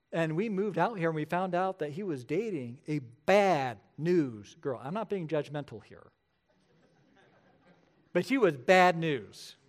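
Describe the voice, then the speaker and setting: A middle-aged male pastor preaching a sermon, telling stories with lively acted-out quotes. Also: a little high. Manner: animated storytelling, acts out quoted voices.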